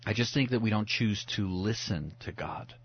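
A man's voice: on the low side, animated, moderate pace, dry recording, highs cut off. A man speaking as a pastor guest on a radio talk show, earnest and reflective, often restarting his words as he thinks aloud. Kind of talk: radio talk about the Bible.

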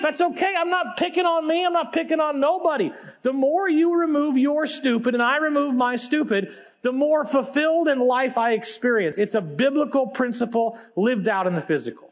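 A man in his forties, a pastor preaching a sermon on stage in a church, reading scripture aloud and adding emphatic, conversational asides. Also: very high voice. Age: 40s.

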